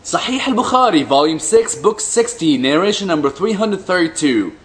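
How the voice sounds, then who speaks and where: Man, reading aloud, lively up-and-down voice, sarcastic asides, faint hiss behind. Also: high-pitched. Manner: mocking, dry asides between slow deliberate readings. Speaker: commentator reading hadith aloud.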